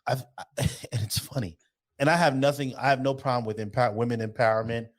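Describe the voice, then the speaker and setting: A podcast co-host in casual chat talks bluntly and animatedly, full of opinions and frequent swearing. His voice is medium-pitched and brisk.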